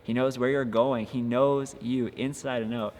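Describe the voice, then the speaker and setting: With a medium-pitched, slightly mellow voice and fairly even intonation, a young male youth pastor speaks at a moderate pace. His devotional talk for a casual podcast is earnest and encouraging, full of fillers, and the audio has long reverb with faint ambient noise.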